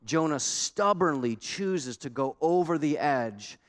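A man with a slightly higher voice delivers a sermon from the pulpit. He is emphatic and repeats key lines for weight. He switches between quick runs and slow, deliberate stresses. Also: animated. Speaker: pastor.

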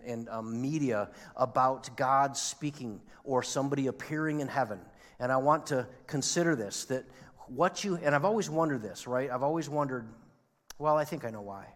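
A male pastor preaching a sermon in a conversational way, asking the audience rhetorical questions and moving between loud emphasis and hushed, quiet lines. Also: medium pitch. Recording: long reverb of a large hall.

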